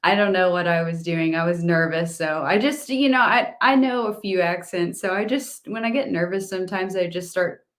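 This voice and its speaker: A woman's voice: on the low side, normal speed, hardly any pauses. A woman actress being interviewed, bubbly and rambling, laughing easily. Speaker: actress, award nominee. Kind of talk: casual interview.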